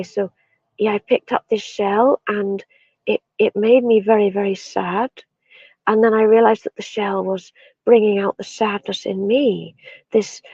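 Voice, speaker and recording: A woman from Ireland, a shamanic practitioner, telling spiritual stories in a soft, reflective way with many pauses and fillers in an interview. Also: medium pitch, husky, no echo. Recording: dull lo-fi sound.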